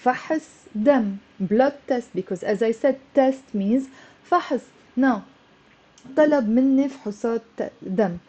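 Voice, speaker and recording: A woman teaches Arabic on a live stream, chatty and encouraging as she greets viewers and drills words slowly. Her voice sits fairly high yet sounds mellow and soft-edged. The audio is dull and lo-fi, like a typical stream. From Lebanon. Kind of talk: live-streamed language lesson.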